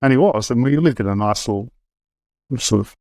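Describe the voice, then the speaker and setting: A man's voice: medium pitch, animated, a little fast, darkish tone, dry recording. Middle-aged aussie guy talking it through, dead dry sound, stops and restarts a lot. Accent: Australian. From Australia. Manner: conversational, with frequent restarts and fillers. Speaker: guest. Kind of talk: candid personal storytelling.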